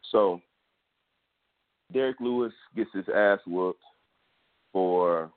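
Low-voiced Texan man on tinny audio. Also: slow pace. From Texas, US. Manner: loose, profane sports storytelling. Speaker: podcast host. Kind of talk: casual monologue.

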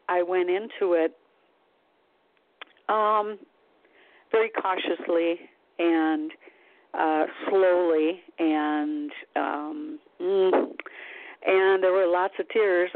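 A woman's voice: lowish voice, no echo. Woman, chatty storyteller, tinny phone-like sound, dry. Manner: chatty, animated retelling with sighs and laughs. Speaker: guest, psychic. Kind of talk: casual interview storytelling.

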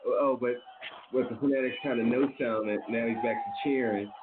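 A man's voice: medium pitch, steady tone, a little fast, echoey room, narrow, tinny audio, background noise. A man co-hosting a wrestling call-in podcast, chatting casually and laughing often. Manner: laid-back, laughs often, slangy. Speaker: podcast co-host. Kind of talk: casual chat.

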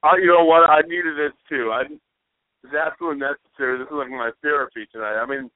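A man's voice: fairly high pitch, a little fast, no echo. A man hosting a casual talk show, telling weary complaints about his bad day. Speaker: radio host. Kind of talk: casual podcast chat. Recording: thin phone-like dry sound.

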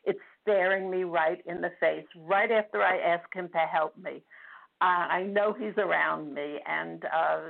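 An older woman calling in to a radio show, speaking in a halting, emotional way and close to tears. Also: lowish voice, gravelly. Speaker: caller. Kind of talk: phone-in radio chat. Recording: tinny phone line.

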